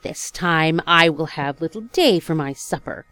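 A woman's voice: low-pitched, animated, measured pace, fairly bright tone, clean tone, no echo. A woman voicing a wicked old ogress queen in a storybook reading, giving cold, imperious commands.

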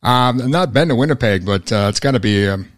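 A man with a Minnesotan accent hosting an interview, friendly and hesitant, filling pauses with many uhs. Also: medium pitch, expressive, no echo, clean studio sound. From Minnesota, USA. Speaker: interview host. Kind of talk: casual interview.

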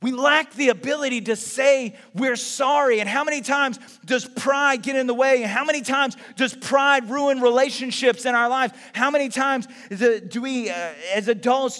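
A high-pitched male pastor preaches to his congregation, swinging from loud questions to quiet, confiding asides. His voice rings with a long reverb off the walls of a big church hall. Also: moderate pace, few pauses. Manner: conversational preaching with rhetorical questions and acted-out quotes. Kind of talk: sermon.

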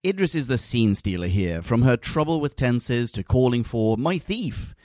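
A man hosts a casual podcast and reads listener reviews aloud with a playful, joking lilt. His voice sits at an ordinary pitch. The sound is close and completely dry. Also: moderate pace, no room sound. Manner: jokey, giggly, reads listener mail in a lively voice.

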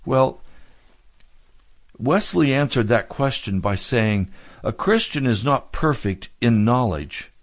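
A man's voice: medium pitch, animated, slow, no room sound. A man, a pastor preaching an earnest radio sermon that builds in fervor.

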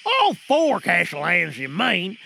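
A man's voice: high-pitched, huge pitch swings, measured pace, vocal fry, background noise, exaggerated voice. A man doing a laid-back pirate-playing actor. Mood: pirate growl. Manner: drawling pirate growl, shrugs off scolding. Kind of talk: comedic sketch acting.

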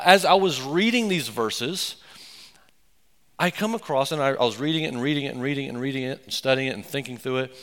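A man preaching a sermon as pastor, earnest and emphatic, with excited asides. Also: a little high, long reverb tail. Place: church sanctuary.

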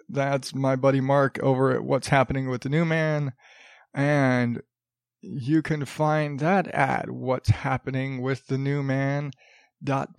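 A man's voice: mid-range voice, vocal fry, dry recording, clean studio sound. A man hosting his own podcast, rambling casually with lots of fillers, restarts and swearing. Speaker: podcast host. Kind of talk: casual solo podcast chat.

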